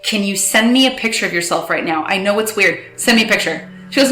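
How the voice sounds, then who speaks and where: A woman recounting a personal story with emotion, halting and restarting, quoting others in quick bursts. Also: mid-range voice, animated, pushed and bright, reverberant, faint music behind. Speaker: guest telling her story.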